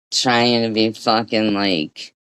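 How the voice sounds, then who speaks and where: A woman streaming an angry reaction, scolding and swearing in a profane rant, with frequent throat clearing. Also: rumbling low, no echo.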